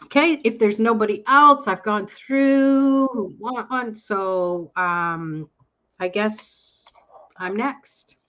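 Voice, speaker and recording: A woman hosting a live online tarot reading, chatting warmly with viewers and reading their cards aloud. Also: medium pitch, highs cut off. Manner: enthusiastic, reads cards aloud slowly. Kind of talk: casual live chat. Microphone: online call audio.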